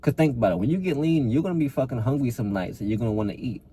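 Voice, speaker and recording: A man's voice: medium pitch, animated, very fast, dark tone, slight background noise. A man, a fitness coach, giving a blunt, profane, repetitive motivational talk to camera and calling the listener bro.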